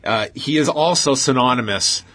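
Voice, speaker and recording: A man's voice: mid-range voice, normal speed, fairly bright tone. A man hosting a casual talk show, recapping an old fight in detail with frequent fillers.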